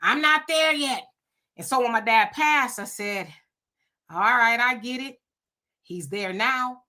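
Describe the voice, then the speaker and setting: A woman hosting a casual livestream, reading out viewer comments and telling animated stories. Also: a little high, a little slow. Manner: animated storytelling with frequent laughs. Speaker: livestream host.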